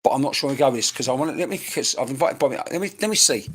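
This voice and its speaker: A man's voice: mid-range voice, expressive, racing, slight background noise. A man, working as a medium in a live-streamed reading, talking in a chatty, rambling way with casual banter and swearing, recorded on a webcam mic.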